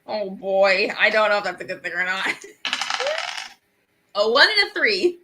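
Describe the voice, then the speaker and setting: A woman's voice: mid-range voice, sing-song, unhurried, background noise. A woman playing a tabletop game, thoughtful and talking her turn through. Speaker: player.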